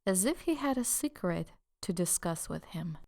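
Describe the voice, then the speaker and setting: A woman narrating an audiobook in a measured, deliberate way. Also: on the low side, lively intonation, gravelly, darkish tone. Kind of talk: scripted narration.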